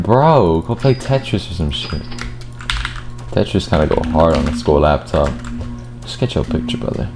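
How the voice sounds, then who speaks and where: Swearing young man raging at a game. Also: low voice. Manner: swearing, frustrated outbursts. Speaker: gaming streamer. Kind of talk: gameplay commentary. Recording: game music playing behind. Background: game music, keyboard typing.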